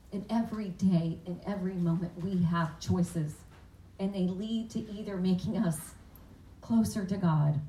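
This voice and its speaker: A woman teaches from scripture in a sermon style, animated and often asking her listeners questions. Her voice sounds roomy and a little distant from the microphone, and faint noise sits behind it. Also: mid-range voice. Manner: animated, acts out the father's words, asks the audience questions. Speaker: Bible teacher. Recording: echoey room, voice from a distance.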